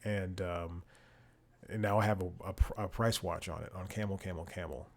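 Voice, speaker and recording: A man with a fairly low-pitched voice hosts a comedy podcast from his home. He rambles casually, restarts his sentences often and swears in exasperation. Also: steady tone, moderate pace. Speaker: podcast host. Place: home room with bookshelves.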